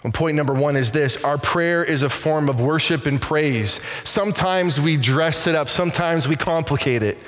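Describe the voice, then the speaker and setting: A pastor delivers an earnest, heartfelt sermon, his fairly high voice circling back on words as he searches for them. The sound carries a long reverb from the church around him. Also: normal speed, hardly any pauses, fairly bright tone.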